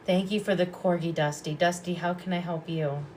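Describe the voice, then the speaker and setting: A calm woman with a fairly low voice gives psychic readings on a live stream. She speaks softly and unhurriedly and comes back to the same phrases again and again. A faint hiss sits under her voice. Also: moderate pace. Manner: calm, soft-spoken, repeats phrases. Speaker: psychic reader and past life regressionist.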